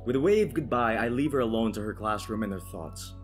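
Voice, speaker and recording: A man hosting a let's play, reading a visual novel's narration aloud in an animated way and laughing often with his friends. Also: lowish voice, fairly quick, soft background music.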